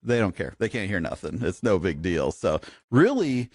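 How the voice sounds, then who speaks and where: A man's voice: lowish voice, moderate pace, no room sound, studio quality. A man co-hosting a casual podcast chat, telling funny anecdotes with frequent laughs. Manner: anecdotal, laughing, animated storyteller. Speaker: podcast co-host.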